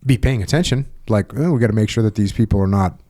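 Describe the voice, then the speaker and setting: On this recording, which carries a little hiss or hum, a middle-aged podcast host speaks quickly in a lowish, dark voice. He's telling casual stories and acting out quoted voices with emphasis.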